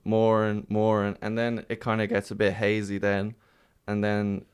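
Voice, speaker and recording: A man in relaxed chat, telling stories in a meandering way and often restarting. His low voice is smooth and clear. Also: a little slow. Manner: rambling storyteller with many restarts. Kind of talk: casual chat.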